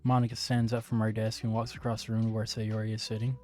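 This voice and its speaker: A man's voice: fairly low pitch, monotone, fast talker, darkish tone, soft background music. A man with a slight Southern US accent, a streamer reading a visual novel aloud, often stumbling and correcting himself. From Southern United States.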